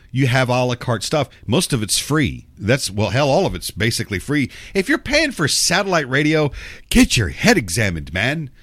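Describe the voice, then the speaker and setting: Sarcastic radio host with a cold. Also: male voice, on the high side, a bit bright, dry recording, clean studio sound. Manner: sarcastic, profane, rambling with restarts. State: getting over a cold, coughing. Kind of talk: casual talk radio monologue.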